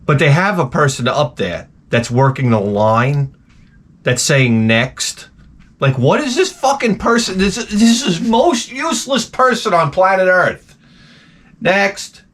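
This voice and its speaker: A man ranting profanely in a rambling vlog monologue, exasperated, swinging between loud outbursts and low muttering. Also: big pitch swings, unhurried. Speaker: vlogger.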